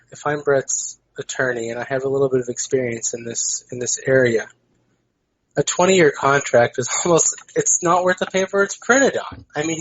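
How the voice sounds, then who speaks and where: A man's voice: on the high side, a bit bright. A man talking as a guest on a podcast, making emphatic points and peppering them with "you know". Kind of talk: casual podcast discussion. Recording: dull lo-fi podcast audio.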